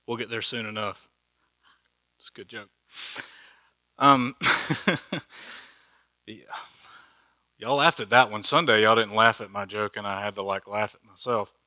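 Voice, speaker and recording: A man's voice: fairly low pitch, fairly even intonation, unhurried, long pauses, pushed and bright. A man teaching a Bible study in a church hall, conversational and joking, with many rhetorical questions.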